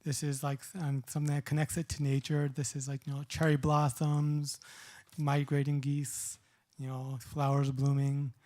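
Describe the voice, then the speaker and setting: A middle-aged man giving a poetry reading at a live event, reading short poems and explaining them in a casual, halting way. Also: on the high side, completely flat delivery, darkish tone. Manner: halting, many restarts and fillers when explaining.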